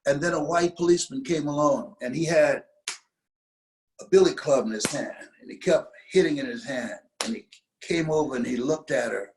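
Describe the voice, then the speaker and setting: A man's voice: fairly high pitch, a little hiss or hum, rough recording. Older man telling an emphatic story. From United States. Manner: emphatic, slows down to stress key phrases. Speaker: interview guest. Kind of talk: motivational storytelling.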